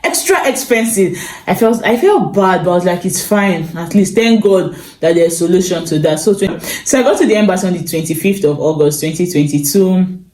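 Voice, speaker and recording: Animated Nigerian woman vlogger, echoey room. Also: fairly low pitch, moderate pace. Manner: animated, exclaims and repeats phrases. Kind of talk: casual storytelling vlog. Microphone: phone.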